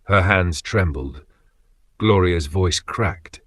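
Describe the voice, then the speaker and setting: A man's voice: on the low side, unhurried, a bit bright, no room sound, studio quality. A man telling a dramatic story as scripted narration, putting on voices for the quotes.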